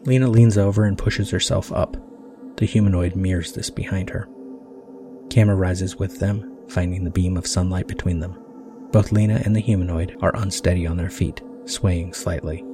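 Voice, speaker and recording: A man giving a measured, deliberate shot-by-shot scene description as a podcast host in scripted narration. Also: sits low, fairly even intonation. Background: music underneath.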